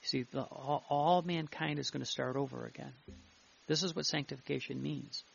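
A male preacher giving a fervent devotional sermon, reading passages aloud and repeating himself, with a gravelly voice. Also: a little high, fairly even intonation, normal speed, slight background noise. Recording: muffled lo-fi recording.

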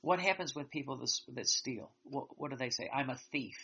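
A man giving an earnest, reflective spiritual talk, slow and halting with many restarts. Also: mid-range voice, creaky, sharp tone, slightly rough. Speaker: religious teacher. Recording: dull lo-fi sound.

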